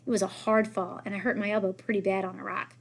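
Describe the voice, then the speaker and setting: A woman's voice: mid-range voice, quick pace. Woman reading a novel aloud. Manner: lively, raises voice for characters' lines. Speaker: reader.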